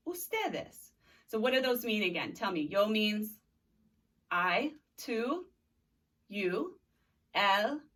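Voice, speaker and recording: In a recorded video lesson, a woman in her thirties who teaches Spanish drills words and has students repeat them back. She speaks at medium pitch with a slightly bright tone, sounding far from the microphone.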